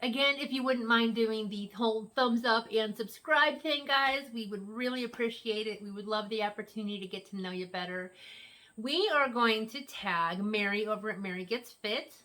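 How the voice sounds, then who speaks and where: Bright, playful woman host, casual at-home chat. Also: on the high side, moderate pace. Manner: chatty, teasing, playful. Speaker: vlog host.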